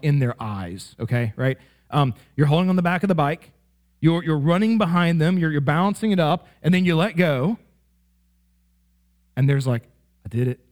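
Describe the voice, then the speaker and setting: Conversational pastor with a higher voice. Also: male voice. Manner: conversational, frequent "right?" and "like" asides; animated, rising sharply in playful examples. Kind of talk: sermon.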